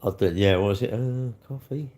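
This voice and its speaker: A man chatting casually with viewers on a livestream, bantering as he reads comments, his throat a little hoarse. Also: mid-range voice, normal speed, dark tone. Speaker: livestream host.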